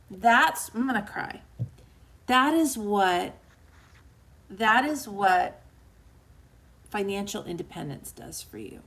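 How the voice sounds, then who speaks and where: A woman author hosting a book club livestream, giving a heartfelt motivational talk to live viewers in an emotional, earnest way and reading out their comments. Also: fairly high pitch. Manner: emotional and earnest, dips quiet and soft; chatty, reads out viewer comments.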